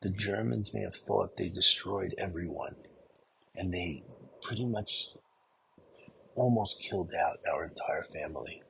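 A man giving an earnest storytelling sermon, often dropping to a hushed voice at the emotional moments. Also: low voice, a little slow, creaky, a little hiss or hum, low-quality recording.

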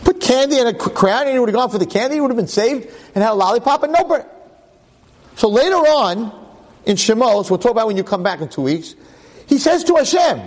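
A man teaching a class, telling a story in a lively, joking way and acting out the quotes. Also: very high voice, brisk, big-room sound. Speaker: religious teacher.

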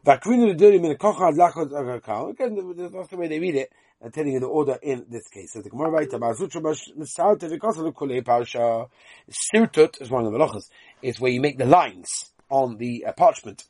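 A man's voice: a little high, fairly quick, mellow, slightly rough, dry recording, studio quality. A man teaching Talmud in Yeshivish English with a Yiddish lilt, chanting the text in sing-song and then explaining it. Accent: Yiddish-inflected Yeshivish English. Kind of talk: chanting and translating a Talmud lesson.

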